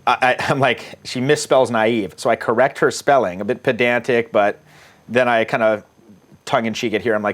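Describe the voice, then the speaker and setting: A man's voice: mid-range voice, fairly even intonation, normal speed, a bit bright. Wry, rambling middle-aged man. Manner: wry, rambling, profane, laughs at his own jokes. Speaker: dating coach. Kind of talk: casual commentary reading out dating-app messages.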